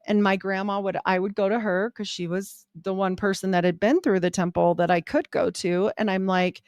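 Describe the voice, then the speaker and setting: A middle-aged woman, a podcast guest, telling her life story in a candid, animated way. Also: mid-range voice, moderate pace, few pauses, clear, resonant tone, no room sound, studio quality. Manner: animated, quotes people in voiced asides.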